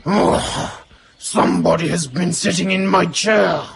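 A woman voicing a big, gruff papa koala who bellows in a growly voice. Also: on the low side, noisy background. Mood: indignant. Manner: bellowing, slow and gravelly.

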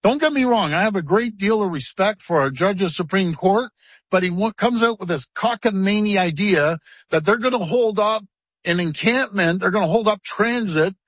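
A man's voice: high voice, lively intonation, moderate pace, fairly bright tone, husky, dry recording. A politician man speaking at a news conference, emphatic and scornful. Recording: dull, dry lo-fi clip.

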